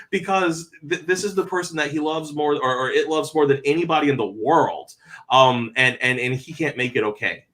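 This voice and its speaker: A man's voice: on the high side, moderate pace, fairly bright tone. A man hosting a casual online panel chat, rambling and heartfelt, stammering through frequent restarts. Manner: heartfelt and effusive. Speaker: panel host.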